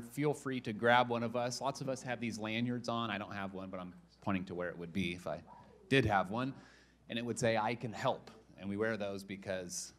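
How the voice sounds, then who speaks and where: A man in his young adult years preaching a casual sermon in a church. He jokes with the congregation and keeps restarting his sentences as he tells the story. His voice sits at a middle pitch. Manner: joking, chatty storytelling with lots of restarts. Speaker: pastor.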